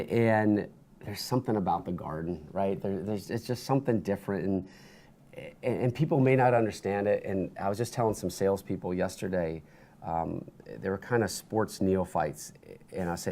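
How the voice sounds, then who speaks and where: A man talking as a guest in a studio interview, telling animated stories with lots of restarts and bursts of energy. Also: low voice, moderate pace. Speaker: interview guest, sports broadcaster.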